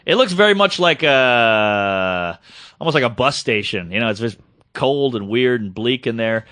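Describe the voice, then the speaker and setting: A man co-hosting a podcast, telling a long story in an animated, casual way and acting out other people's voices. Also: mid-range voice, normal speed, no echo, clean studio sound. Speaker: podcast co-host, comedian.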